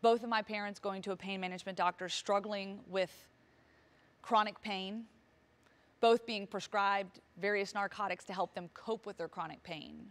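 A woman's voice: medium pitch, steady tone, moderate pace. A woman in her thirties, a motivational speaker, telling a personal story on stage with vivid, emotional delivery and acted-out dialogue. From Virginia, US.

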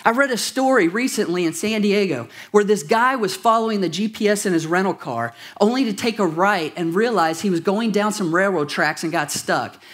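A man with a fairly high voice preaches a sermon in a church. He talks to the congregation conversationally, mixing jokes and questions with scripture. His delivery feels informal and direct. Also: normal speed, hardly any pauses, a bit bright. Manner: conversational, jokey asides to the congregation. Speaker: pastor. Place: church auditorium.

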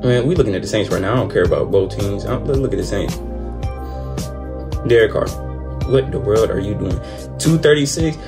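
A man's voice: on the low side, animated, fairly quick, long pauses. A young man hosting a football reaction, ranting in casual slang and repeating himself when frustrated. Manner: exasperated, repetitive, slangy rants. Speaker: sports reaction host. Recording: music playing behind the voice.

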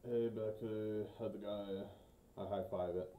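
A man's voice: on the low side, steady tone, a little slow, mellow. A man playing his character in a tabletop game, loose and jokey, often laughing. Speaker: player. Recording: echoey room with faint noise.

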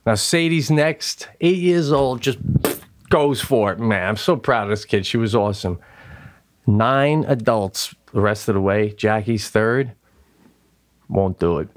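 Telling a story on a podcast he co-hosts, a middle-aged man speaks at a measured pace in a voice on the low side. His delivery is animated, and he imitates the voices of those he quotes during the casual chat.

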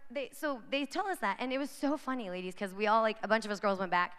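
A woman's voice: mid-range voice, quick pace, fairly bright tone, clean tone. A woman giving an inspirational talk to young women at a conference, chatty and constantly checking in with the crowd. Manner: chatty, addresses the crowd directly with frequent "right?". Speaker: conference speaker. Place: large conference hall. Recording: long hall reverb from a large venue.

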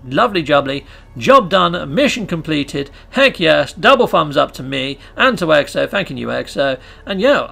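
A British man hosting a gaming channel, giving excitable, chatty gameplay commentary and cheering himself on. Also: on the high side, gravelly.

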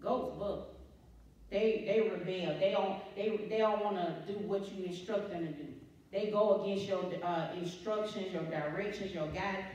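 A woman's voice: mid-range voice, fairly even intonation, moderate pace, darkish tone. A woman church elder preaching a sermon. She repeats her phrases and asks the congregation questions. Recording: very echoey church hall, distant mic, dull sound.

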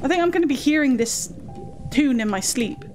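Over game music, a woman hosts a chatty let's play, getting flustered easily and talking to herself and to the game. Her high voice is animated and brisk.

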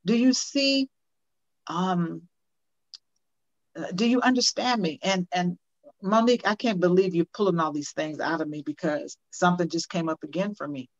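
A woman's voice: lowish voice, normal speed. An older woman speaking as a guest in an interview, earnest and emphatic, often repeating questions for effect. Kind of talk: conversational interview. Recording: dull lo-fi audio.

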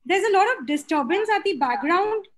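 A woman's voice: very high-pitched, expressive, a little fast. A woman moderating a webinar, speaking politely and hesitantly.

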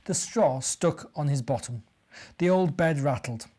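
A man, a minister, gently reading a storybook and talking to young children. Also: a little high, unhurried.

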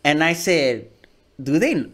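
A man's voice: fairly high pitch, big pitch swings, slow pace. A man from California with a Chicano accent, a comedian guest telling stories in casual, slangy, profane podcast talk. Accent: Chicano English. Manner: streetwise slangy storytelling, swears a lot, acts out voices. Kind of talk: casual podcast interview storytelling.

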